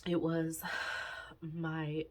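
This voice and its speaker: A woman in her twenties talking candidly in a personal vlog, halting and sighing often, emotional and close to tears. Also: deep voice, completely flat delivery, dark tone. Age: 20s. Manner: halting, sighing, many fillers and restarts. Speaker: budgeting vlogger.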